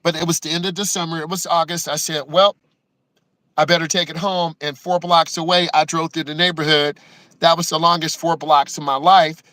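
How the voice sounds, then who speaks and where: Driving instructor guy, bright tense voice, dry close sound, emotional storytelling, keeps saying right?. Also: a little high, little pitch movement, fairly quick, no room sound, poor audio. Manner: emotional, acts out quotes with many "right?" asides. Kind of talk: personal storytelling to the camera.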